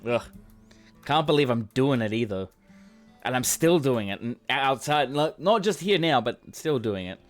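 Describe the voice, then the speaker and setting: A man's voice: mid-range voice, expressive, normal speed. A man streaming a game, reading its dialogue aloud and adding chatty, joking asides over game music. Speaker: gaming streamer. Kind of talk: gameplay commentary.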